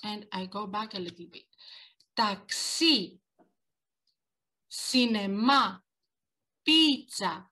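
A woman's voice: mid-range voice, expressive, takes it slowly, pauses often, bright, forceful tone. A woman with Greek as her first language, teaching an online lesson on a video call and carefully pronouncing words for learners to repeat.

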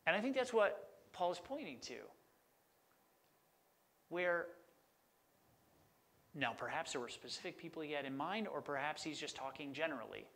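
Enthusiastic pastor, higher-pitched man. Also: expressive, normal speed, pauses often, a bit bright. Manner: conversational, enthusiastic about word meanings. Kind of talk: sermon.

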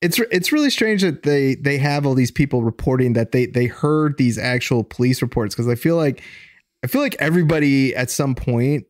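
A man's voice: medium pitch, moderate pace, no echo. A man hosting a casual podcast, laid back and stopping to restart his sentences. His voice sits mid-range and sounds dry and close. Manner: relaxed, hesitant, many restarts. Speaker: podcast host. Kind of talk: casual chat.

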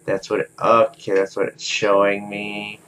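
A young man calmly commenting on his own gameplay, talking to himself with many "okay"s. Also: lowish voice, unhurried, slight background noise, poor audio. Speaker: gaming video host. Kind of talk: let's play commentary.

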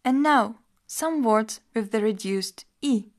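A woman teacher reading a scripted lesson in an even, measured explanatory tone. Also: a little high. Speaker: language teacher.

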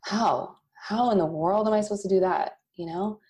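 A woman in her thirties, a company founder and podcast guest, telling a candid personal story with bursts of laughter and animated asides. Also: medium pitch, moderate pace. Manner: emotional, laughs often, quotes God in animated asides.

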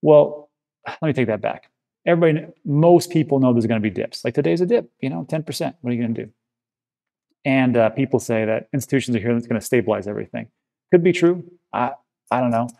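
Male crypto host, casual to-camera commentary, gravelly low-key voice, reassuring and chatty, lots of fillers. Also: expressive, quick pace, warm tone. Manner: conversational and reassuring, with frequent filler words.

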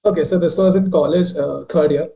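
A man's voice: on the high side, steady tone, fairly quick, vocal fry, poor audio. A young man telling a ghost story on a video call, rambling with many fillers and restarts. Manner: rambling, many fillers and restarts, drops quieter while retelling.

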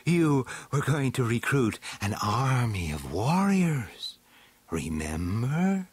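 A husky-voiced man voicing a sly, wary female witch in a storybook reading, lifting his voice into a drawn-out, sharp delivery. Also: medium pitch, big pitch swings, dry recording, full character voice.

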